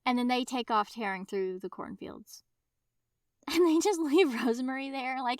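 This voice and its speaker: Woman, podcast co-host, slightly high-pitched, dry close sound, enthusiastic. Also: normal speed, no room sound. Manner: enthusiastic, animated storytelling. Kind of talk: casual chat.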